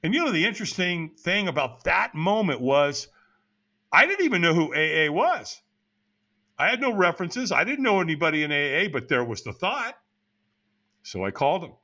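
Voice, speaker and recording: A man's voice: on the high side, very animated, normal speed, sharp tone. A man in his sixties telling his life story as a podcast guest, frank and blunt with casual swearing. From United States. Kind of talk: candid personal storytelling.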